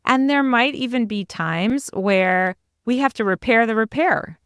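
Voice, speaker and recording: A woman's voice: fairly high pitch, measured pace, fairly bright tone, clean tone, no room sound, studio quality. Earnest woman encouraging parents. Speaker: podcast co-host, parenting coach. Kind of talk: casual conversational explanation.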